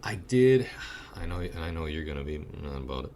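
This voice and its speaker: A man's voice: extremely low pitch, a little fast, background noise. A man co-hosting a podcast, reviewing a movie in casual chat, blunt and profane as he tells stories. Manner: blunt, profane, animated storytelling. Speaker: podcast co-host.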